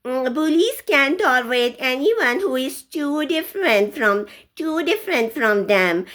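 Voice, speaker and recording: A middle-aged woman in a casual vlog monologue, speaking haltingly and often stopping to restart. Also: sits high, fairly bright tone. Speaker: vlogger.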